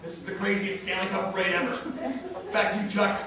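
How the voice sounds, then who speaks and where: A man with a Canadian accent improvising as an excitable sports broadcaster in a mock newscast, calling the audience folks. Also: high voice, a little fast, noisy background. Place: theatre stage with live audience. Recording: echoey stage recorded from far off, audience laughter.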